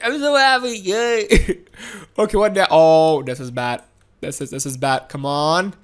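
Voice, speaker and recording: A woman giving excitable, giggly live commentary while playing a game. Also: medium pitch, a little slow. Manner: excitable and giggly, frequent laughs and exclamations. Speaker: gaming video host.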